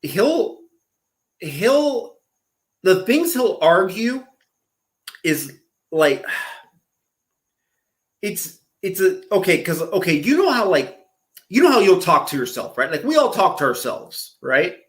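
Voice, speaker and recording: A man's voice: sits high, sing-song, slow pace, pauses often. A man commentating in casual chat, rambling and leaning heavily on "like" fillers. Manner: rambling, heavy use of "like" fillers.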